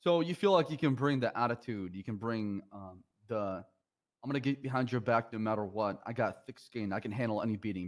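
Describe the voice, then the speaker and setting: A man's voice: mid-range voice, lightly acted. Man playing a probing police interviewer. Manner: measured, probing questions. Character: deliberate male police officer running a job interview. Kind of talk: improvised police role-play.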